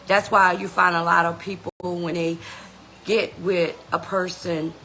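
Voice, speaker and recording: A woman's voice: fairly low pitch, gravelly, fairly bright tone, a little hiss or hum, rough recording. A woman hosting a podcast, giving an earnest, motivational self-help talk and often saying "you know". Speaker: podcast host.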